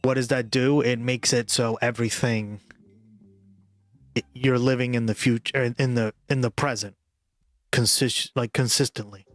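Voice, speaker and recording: A man's voice: mid-range voice, fairly even intonation, normal speed, dry recording. A man livestreaming and chatting casually with viewers, rambling and full of "like" and "right?", with faint music behind him.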